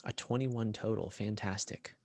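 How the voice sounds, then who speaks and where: A man narrating a tabletop role-playing game as game master, in a lively way with frequent fillers and restarts. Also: fairly low pitch, moderate pace, no room sound, clean studio sound.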